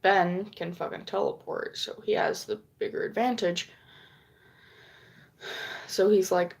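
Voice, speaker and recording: Female vlogger, unhurried storyteller, rambling and profane. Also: mid-range voice, steady tone, gravelly. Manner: rambling, frequent swearing, acts out quoted lines. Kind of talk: casual storytelling.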